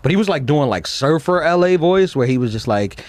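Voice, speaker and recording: A man with a New York accent, a comedian guesting on a podcast, easygoing and quick to laugh. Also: on the high side, expressive, a little mellow, no echo. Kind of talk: casual podcast chat.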